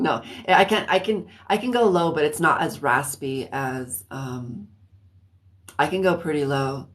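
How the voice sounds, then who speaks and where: A woman giving a psychic reading on a live stream, thinking aloud with many restarts and often clearing her throat. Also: low voice, animated, a little slow. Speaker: psychic reader. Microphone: phone or computer mic on a live stream.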